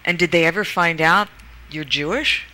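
Bright, higher-voiced male host. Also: normal speed, slight background noise, low-quality recording. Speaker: talk show host. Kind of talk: casual interview.

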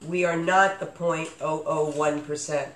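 A man's voice: on the high side, steady tone, unhurried, a bit bright. A man hosting a casual podcast chat, rambling with lots of fillers and restarts. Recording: echoey room with faint noise.

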